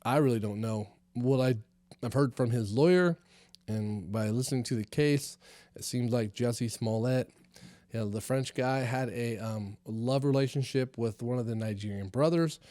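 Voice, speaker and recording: Brief: casual, profane male podcast host, mid-pitched, loose and rambling, dry close recording. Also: moderate pace, mellow, no room sound. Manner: rambling and profane, many fillers. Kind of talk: casual comedy podcast monologue.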